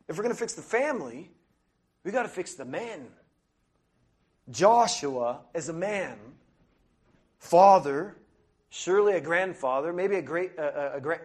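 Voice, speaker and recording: A man preaching a sermon with an earnest, emphatic delivery, slowing down to lean on his key phrases. His speaking voice sits a little higher than most men's. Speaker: missionary preacher. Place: church.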